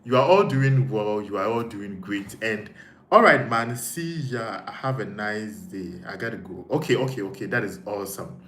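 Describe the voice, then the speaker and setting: A man's voice: on the low side, lively intonation, moderate pace, a bit bright. A man with a Ghanaian accent hosting a casual live stream, reading viewer comments and thinking aloud with frequent repeats. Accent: Ghanaian English. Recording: echoey room with faint noise.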